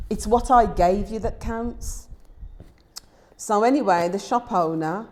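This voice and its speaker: A woman with an English accent, telling a story casually on her vlog, animated and indignant as she quotes what was said. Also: medium pitch, unhurried. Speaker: vlogger.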